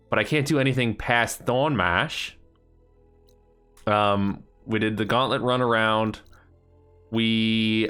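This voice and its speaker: A man's voice: fairly low pitch, sharp tone, clear, resonant tone. A man streaming a video game, casually recapping past progress and joking with his chat. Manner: rambling, jokey banter with chat.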